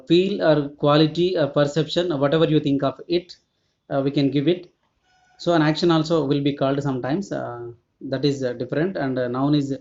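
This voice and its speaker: A man teaching a recorded grammar lesson to his students, explaining patiently and repeating points with many pauses. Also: fairly high pitch, a little mellow. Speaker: school English teacher. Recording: dull lo-fi recording.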